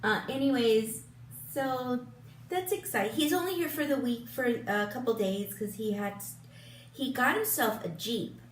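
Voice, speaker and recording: Slow, chatty woman in her fifties. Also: a little high, slight background noise. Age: 50s. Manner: chatty, rambling, with frequent ums and restarts. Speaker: beauty vlogger. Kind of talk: casual get-ready-with-me chat. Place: room at home in front of a big lit mirror. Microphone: camera a little way off, turned sideways. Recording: roomy echo, voice a bit distant from the mic.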